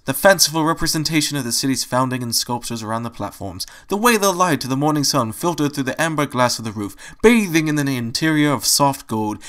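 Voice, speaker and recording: A man's voice: mid-range voice, a bit bright. A man reading a fan-fiction story aloud, adding wry asides between passages. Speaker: story reader.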